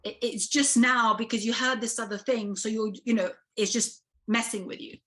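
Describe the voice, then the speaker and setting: A woman's voice: a little high, steady tone, moderate pace, fairly bright tone. A woman with a Serbian accent, a casting director speaking frankly in an interview, with many fillers and restarts. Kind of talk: interview conversation.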